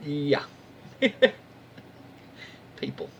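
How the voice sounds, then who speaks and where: Animated man reading internet stories. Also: a little high, very slow, a little hiss or hum. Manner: chatty asides, reacts to what he reads. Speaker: reddit story reader. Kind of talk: casual story reading.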